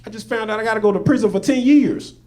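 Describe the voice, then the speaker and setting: A man's voice: high voice, lively intonation, normal speed, pitched above the performer's own voice. A man doing a whiny tearful young woman. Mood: indignant.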